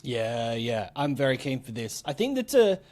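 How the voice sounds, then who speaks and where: A man's voice: medium pitch, very animated, moderate pace, a little mellow. A man co-hosting a gaming podcast, upbeat and enthusiastic, with lots of ums and uhs. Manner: upbeat, many fillers, enthusiastic. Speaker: podcast co-host. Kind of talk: casual chat.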